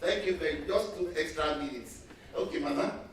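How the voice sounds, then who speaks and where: A man's voice: sits high, sing-song, fairly quick. A Nigerian man acting as master of ceremonies, teasing speakers playfully and slipping into Yoruba. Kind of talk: joking MC banter. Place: large lecture hall with audience. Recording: echoey hall, distant mic, audience noise.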